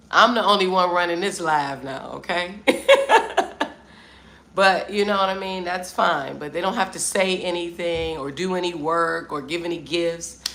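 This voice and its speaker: A woman's voice: lowish voice, vocal fry, a bit bright. A middle-aged American woman hosting a casual livestream from Vietnam, chatting and answering viewers' comments. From United States. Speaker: livestream host.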